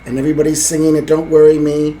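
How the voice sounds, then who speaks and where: Talking fast in a monotone, a man with a mellow voice on the high side describes how a film ends. He co-hosts a podcast, and his casual telling rambles and hesitates with lots of fillers, all on poor audio.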